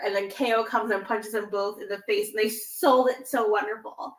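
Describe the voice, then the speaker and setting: Here the same kind of co-host, a woman in her thirties, speaks in a mid-range voice with flat delivery, moderate pace, and few pauses, in a reverberant space. She's chatty and rambling, leaning on "like" and "um," and hams up the lines she quotes.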